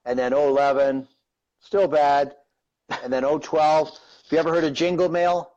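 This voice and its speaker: In a fairly high but darkish voice with little pitch movement and a moderate pace, a Canadian man in his fifties rambles conversationally through a long personal story. He's a guest on a live-streamed interview, full of "right?" and "you know," and the recording has its highs cut off.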